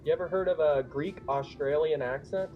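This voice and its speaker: A man's voice: fairly high pitch, moderate pace, dull audio, music in the background. A young man chatting casually with friends during a game, wry and fond of telling stories. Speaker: gamer in voice chat. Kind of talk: casual chat.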